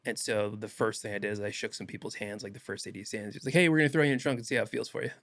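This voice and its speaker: Animated young man telling stories. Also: lowish voice, racing, no echo, clean studio sound. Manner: animated, laughs often, acts out quotes. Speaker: actor guest. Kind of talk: casual podcast interview storytelling.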